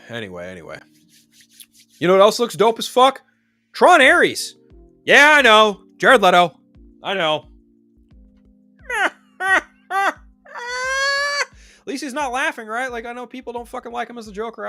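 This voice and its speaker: A man's voice: sits high, bright, forceful tone. A man streamer giving a casual, profane, emphatic rant about movie news.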